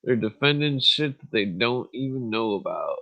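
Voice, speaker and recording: A man's voice: medium pitch, expressive, normal speed, creaky, lo-fi sound. Profane, blunt male podcast host. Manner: profane, blunt, frequent fillers. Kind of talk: casual ranting and reading aloud.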